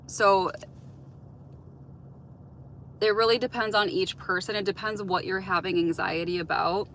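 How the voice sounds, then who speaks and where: Chatty woman with a bright voice. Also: medium pitch, moderate pace, slight background noise, low-quality recording. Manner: chatty, heavy use of "like" and "um"; open, reflective advice-giving. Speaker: livestream host. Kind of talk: casual live-stream chat answering viewer comments.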